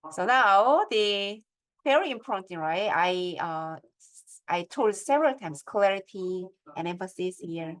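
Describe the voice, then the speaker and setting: A woman's voice: medium pitch, animated, a little slow. A middle-aged woman gives a step-by-step lecture on academic writing and keeps checking in with her audience through questions.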